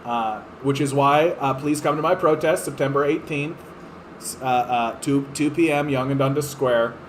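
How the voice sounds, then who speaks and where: A man's voice: mid-range voice, normal speed, a little hiss or hum, rough recording. A man hosting a political podcast, ranting in a profane, fired-up way with lots of fillers. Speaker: podcast host. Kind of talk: political commentary rant.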